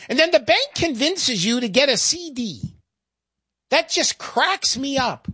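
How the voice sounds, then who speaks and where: A woman giving a chatty, sarcastic sales pitch with plenty of emphasis. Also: animated, a little slow, bright, forceful tone, no echo, clean studio sound. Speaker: sales spokesperson.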